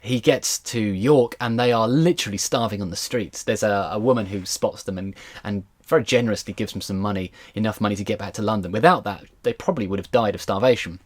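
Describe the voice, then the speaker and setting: A man, a historian, giving a casual storytelling lecture in a lively, chatty way with asides. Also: on the low side, fast talker, hardly any pauses.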